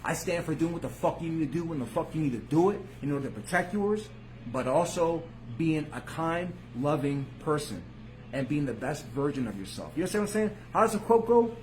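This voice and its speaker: This man hosts his own channel and speaks to viewers in casual street slang, swearing freely. He's animated and a little fast, veering from low mutters to loud bursts.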